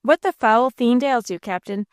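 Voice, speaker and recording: A woman voicing a rough, loyal male robber who talks in a lower, quieter tone. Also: moderate pace, no room sound, studio quality, natural voice. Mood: gruff.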